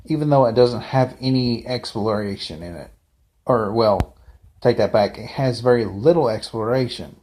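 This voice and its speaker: A man's voice: medium pitch, moderate pace, a little mellow, slight background noise. A man giving a casual, unscripted fan review, rambling off the cuff with frequent asides and restarts.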